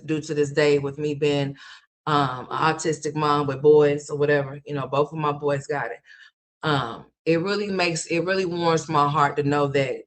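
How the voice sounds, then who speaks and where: Rambling mom chatting on a livestream. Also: female voice, low-pitched. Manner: rambling, repetitive storytelling with restarts; addresses viewers as y'all and honey. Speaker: livestream host and mother. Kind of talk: casual livestream chat.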